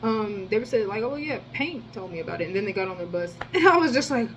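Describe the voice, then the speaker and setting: A woman in the middle of a loose storytime monologue, tripping over restarts and swearing freely. Her voice sits at an ordinary pitch and leaps in loudness when she gets worked up. A faint hum of room ambience runs behind her. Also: fast, poor audio. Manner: rambling, slangy and profane, with many restarts; animated, with sudden jumps in loudness. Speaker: storyteller vlogger.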